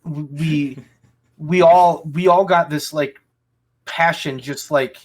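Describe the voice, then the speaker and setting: A man's voice: fairly high pitch, fairly even intonation, slow pace. A man hosting a casual podcast chat, ranting angrily and swearing heavily. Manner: angry ranting, heavy swearing. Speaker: podcast host.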